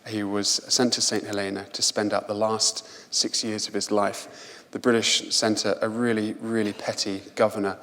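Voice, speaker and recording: A man giving a public lecture, telling travel stories in a lively, anecdotal way and often repeating words as he goes. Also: on the low side, moderate pace, hardly any pauses. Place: large lecture hall. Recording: long hall reverb in lecture theatre.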